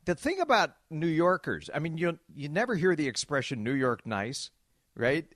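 A man's voice: on the high side, sing-song, normal speed, a bit bright, dry recording, clean studio sound. A man hosting a radio show, chatting casually and bantering with his guest. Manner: playful, bantering. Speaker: radio host.

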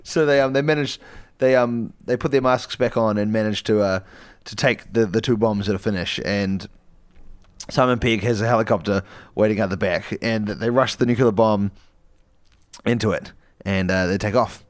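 A man's voice: lowish voice, steady tone, normal speed, no echo. A man co-hosting a comedy podcast, rambling through an improvised story with fillers, restarts and giggles.

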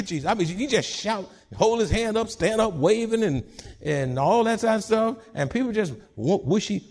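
Man preaching, high voice, gravelly, call-and-response, builds to shouting. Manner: stumbles and repeats words. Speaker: pastor. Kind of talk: sermon.

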